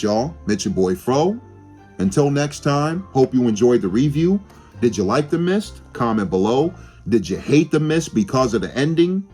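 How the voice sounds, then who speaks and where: Young guy reviewing a movie, loose and rambly, cusses a lot, regular pitch. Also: darkish tone, breathy edge. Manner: rambling, profane, restarts often. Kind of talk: casual spoken film review.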